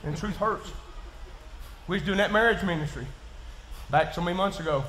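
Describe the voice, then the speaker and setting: A man with a Kentucky accent preaching in church, folksy and plain-spoken, dropping to quiet asides and rising to shouts. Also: high-pitched, normal speed, slight background noise. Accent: Southern US, Kentucky. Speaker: pastor. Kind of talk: sermon. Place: church sanctuary. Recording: echoey church room.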